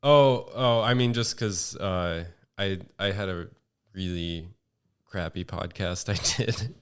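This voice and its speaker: A man speaking as a podcast guest in a monotone, casual chat full of fillers and restarts. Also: deep voice, slow, clear, resonant tone. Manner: rambling, with many fillers and restarts.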